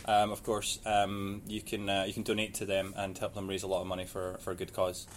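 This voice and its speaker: A man with a Glaswegian accent co-hosting a casual podcast, talking in a halting way with many ums. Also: deep voice, monotone, slight background noise. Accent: Glaswegian Scottish. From Scotland. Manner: halting, full of ums while reading out messages. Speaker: podcast co-host. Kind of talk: casual chat. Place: podcast studio.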